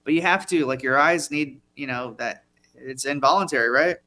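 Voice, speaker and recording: A man's voice: mid-range voice, normal speed, pushed and bright. A man hosting a live improv comedy show, rambling with hesitant fillers and dry remarks. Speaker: host.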